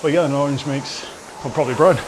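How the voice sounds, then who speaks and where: A man's voice: fairly high pitch, steady tone, rapid-fire, a little hiss or hum. Rambling, self-mocking rowing coach, male. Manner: rambling, self-deprecating and jokey. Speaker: rowing workout host. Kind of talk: casual chat during a cool-down. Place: home garage.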